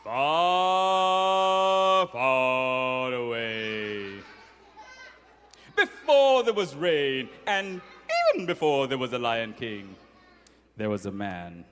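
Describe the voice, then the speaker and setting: A man putting on a solemn, mock-epic trailer narrator voice, drawing out each phrase with dramatic pauses. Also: mid-range voice, big pitch swings, a bit bright, voice pushed down, exaggerated voice. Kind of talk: mock-epic story opening.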